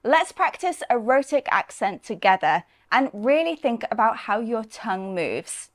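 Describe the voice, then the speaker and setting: A woman with a Northern English accent teaching English pronunciation. She speaks slowly and deliberately, with a fairly high voice. She models each sound with care. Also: big pitch swings. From north of England. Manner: slow, careful, modelling sounds clearly. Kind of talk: scripted lesson dialogue.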